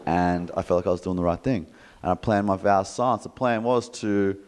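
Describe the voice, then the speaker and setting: With a deep voice and a fairly quick pace, an Australian man tells a jokey story to a live crowd in an echoey hall. The motivational speaker is animated throughout, playing out the voices of those he quotes.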